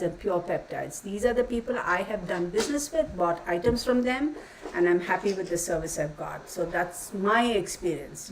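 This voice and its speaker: A woman's voice: mid-range voice, distant mic, slight background noise, low-quality recording. A woman talking casually to her channel, blunt and exasperated, swearing now and then and using folksy insults. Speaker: channel host. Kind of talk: casual ranting vlog.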